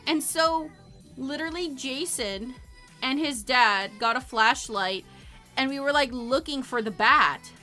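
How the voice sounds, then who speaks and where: Young woman streamer, high bright voice, rambling animated chat, faint music behind. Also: unhurried. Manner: animated, rambling storytelling with frequent laughs. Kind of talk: casual livestream chat.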